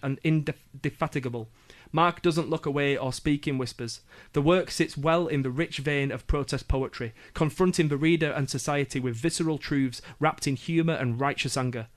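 A man with a Yorkshire accent presenting a radio roundup of poetry events, chatty with jokey asides and frequent ums. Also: medium pitch. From Yorkshire, England. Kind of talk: casual radio event listings.

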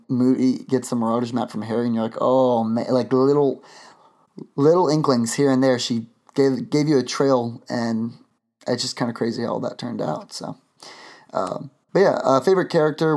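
Here a podcast host speaks in a mid-range, slightly mellow voice. He talks casually and rambles, with plenty of fillers and restarts.

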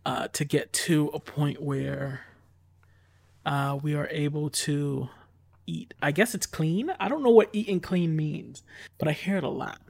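A man's voice: a little high, unhurried, vocal fry, a little mellow, husky, no room sound. A man telling a casual story in a rambling, exasperated way, full of fillers and the odd swear word.

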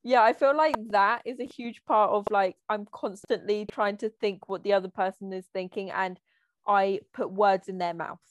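A young woman co-hosting a podcast over a call, talking fast and freely with a self-deprecating edge. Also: medium pitch, steady tone, no echo. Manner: fast, chatty, self-deprecating, laughs often. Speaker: podcast co-host. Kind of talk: casual chat. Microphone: remote call.

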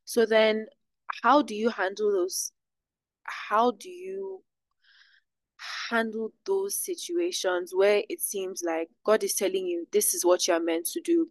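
A woman's voice: medium pitch, dry recording. A woman moderating a live session, asking a long question and rephrasing it as she thinks aloud.

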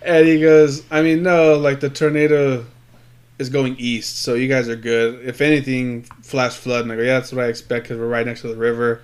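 A man's voice: medium pitch, fairly even intonation, a little slow. A man telling a rambling story in casual chat, swearing a lot and acting out what people said. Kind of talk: casual chat between friends.

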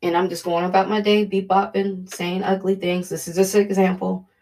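A woman's voice: mid-range voice, little pitch movement, a little fast, a little mellow. A woman giving an earnest, conversational devotional talk, often repeating her points. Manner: earnest, repetitive, conversational preaching. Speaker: preacher. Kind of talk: devotional teaching.

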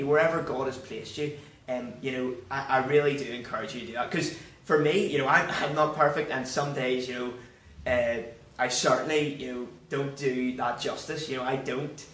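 A man's voice: mid-range voice, fairly bright tone. A young man preaches an informal sermon, stumbling through restarts and constant filler phrases in an earnest, encouraging way. His voice rings around a roomy hall from some distance off the mic. A faint hum of background noise sits underneath. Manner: halting, full of 'you know' fillers and restarts. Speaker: church speaker.

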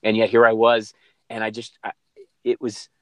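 Low-voiced reflective man, dry sound. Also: completely flat delivery, moderate pace, no room sound. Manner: reflective, rambling with restarts. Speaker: coach. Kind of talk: interview storytelling.

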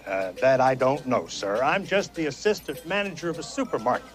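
An actor playing a calm but firm supermarket assistant manager in a film scene. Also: male voice, medium pitch, lightly acted. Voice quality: measured, firm. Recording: film soundtrack with music.

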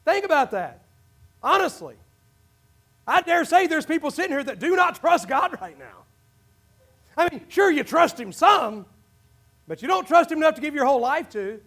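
A man preaching a sermon as pastor, swinging between impassioned shouts and hushed low asides to his congregation in a church. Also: sing-song, normal speed, long pauses. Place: church sanctuary.

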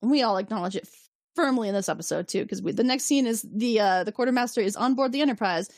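A woman on a podcast walks through a plot in a loose, animated way. She slips into little character voices and swears freely. Her voice sits in a middle range, and the sound is dry and close to the mic. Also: medium pitch, quick pace, no echo. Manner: animated storyteller, acts out characters' lines, swears casually. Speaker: podcast co-host. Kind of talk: casual recap chat.

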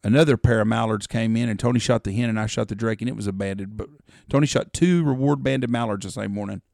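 A man's voice: on the low side, quick pace, creaky, a little mellow, no room sound, studio quality. A middle-aged man, telling rambling, profane hunting stories as a podcast co-host. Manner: rambling, profane storyteller who acts out quotes. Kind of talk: casual storytelling chat.

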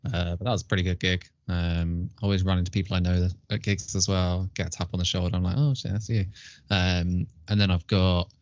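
A man co-hosting a podcast in casual chat, relaxed and self-deprecating. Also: low voice, quick pace, few pauses, no echo. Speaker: podcast co-host. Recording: dull lo-fi audio.

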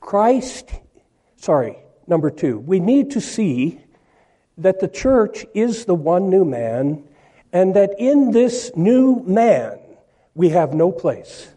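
Slow-speaking preacher, a man with a mellow voice. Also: high voice, very animated. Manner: slow, emphatic, reads scripture aloud. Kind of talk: sermon.

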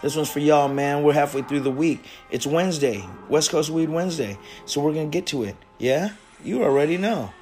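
Brief: male host, slightly high voice, rowdy and animated, swears a lot, casual chat. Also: a little fast, hardly any pauses, soft background music. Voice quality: loud, profane and animated. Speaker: host of a smoking stream show. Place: garage.

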